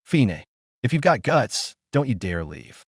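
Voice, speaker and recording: A man's voice: medium pitch, very animated, a little slow, breathy edge, no echo, studio quality. A man voicing a drunk, arrogant spoiled young man in a story, bullying and threatening.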